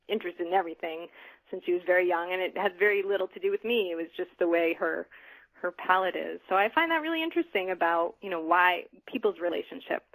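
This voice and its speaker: A woman's voice: lowish voice, fairly bright tone, rough recording. A middle-aged woman author being interviewed, speaking thoughtfully with frequent ums and restarts. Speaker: author guest. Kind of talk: conversational interview.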